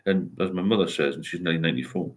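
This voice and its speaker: A man's voice: low-pitched, rapid-fire. An older man hosting a casual livestream, rambling as he reads viewer comments aloud and answers them with encouragement. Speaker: host of a sobriety livestream. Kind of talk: casual live chat.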